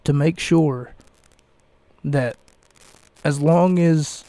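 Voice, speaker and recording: A young man hosting a casual podcast, rambling through reviews with many fillers, pauses and restarts. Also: fairly high pitch, mellow, no echo. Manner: slow, halting, many fillers and self-corrections. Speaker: podcast host reviewing wrestling events.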